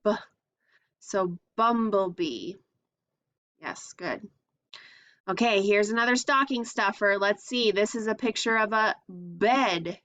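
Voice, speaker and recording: A woman's voice: mid-range voice, expressive, takes it slowly, a bit bright. A woman teaching a phonics lesson to young children, patiently sounding out letters and asking simple questions.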